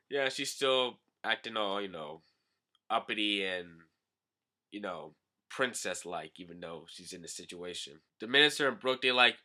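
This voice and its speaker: A young man with a very bright, sharp-edged voice recaps a comic chapter in a loose, chatty way. His pitch sits in a middle register. Now and then he leaps into loud, high shouted character voices. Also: animated, normal speed. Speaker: manga review host. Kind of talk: casual manga chapter recap.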